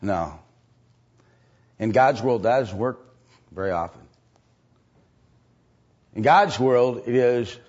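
Husky rambling male preacher. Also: medium pitch, takes it slowly, long pauses, a little mellow, highs cut off. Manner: rambling with many fillers and restarts. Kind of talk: storytelling sermon.

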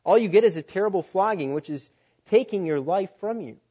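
A man's voice: on the high side, normal speed, close to an everyday voice. A man voicing a harsh, domineering male plantation master who barks stern threats, on a dull lo-fi recording. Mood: pleading angrily.

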